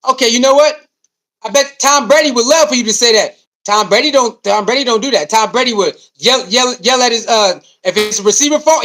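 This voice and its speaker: A man with an extremely high pitch gives an animated sports commentary rant. He addresses the audience head-on, asks questions he doesn't expect answered, and repeats himself for emphasis.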